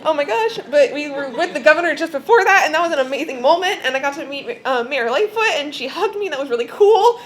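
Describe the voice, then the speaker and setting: A woman's voice: high-pitched, lively intonation, fast talker, hardly any pauses. A young woman giving an emotional acceptance speech at an event, tearful and laughing, often losing her place in her script. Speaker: award speaker.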